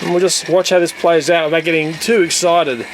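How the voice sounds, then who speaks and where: A man's voice: on the high side, fairly even intonation, brisk, noisy background. A man, coughing and unwell, giving jokey, casual toy unboxing commentary. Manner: jokey, trails off into "blah blah". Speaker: toy reviewer. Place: home room with toys.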